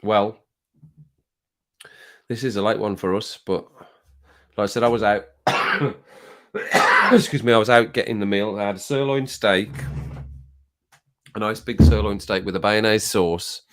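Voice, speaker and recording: A man's voice: fairly low pitch, steady tone, a little slow, long pauses. A man chatting casually on a live stream, reading viewer comments aloud and laughing often. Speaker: music reaction streamer.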